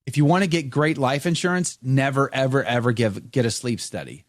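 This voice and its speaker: A man hosting a live talk show, chatting casually and reading viewer comments, animated when telling stories. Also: medium pitch, fairly quick, no room sound. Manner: animated, mimics others in storytelling. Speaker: host.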